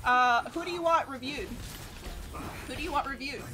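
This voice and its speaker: A woman with a high voice gives casual, animated commentary as she streams a game. She keeps up a running chatter and curses at the enemies. Game music plays clearly behind her. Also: normal speed. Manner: animated, exclaiming and cursing at the game. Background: game music and sounds.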